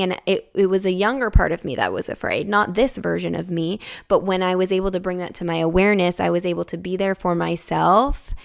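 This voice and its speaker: A young woman hosting a personal self-help podcast, speaking in a low, smooth voice with a gravelly fry at the ends of phrases. She talks in a confiding, reflective way and leans on casual fillers like "like" and "you know". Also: fairly even intonation, moderate pace. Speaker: podcast host.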